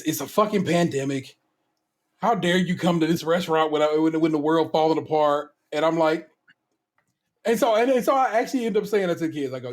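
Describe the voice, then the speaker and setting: Podcast co-host, man, 30s, lively profane storyteller, slightly high voice. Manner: animated, profane, acts out quotes. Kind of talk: casual storytelling chat.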